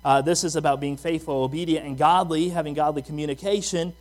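Conversational male pastor, slightly high voice. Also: steady tone, fast, darkish tone. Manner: conversational preaching with personal stories and rhetorical questions. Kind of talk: sermon.

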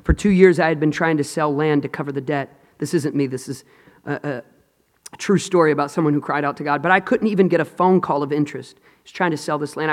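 A male preacher with a high, ringing voice delivers an impassioned sermon in a reverberant hall. He reads scripture in dramatic bursts. He swings from shouts down to hushed, almost whispered passages.

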